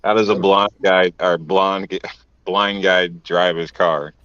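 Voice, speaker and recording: A man on a podcast throwing out crude riddle jokes in a flat, deadpan way. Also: low-pitched, takes it slowly, clear, resonant tone, no room sound, lo-fi sound. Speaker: podcast co-host. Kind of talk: casual chat, telling crude riddle jokes.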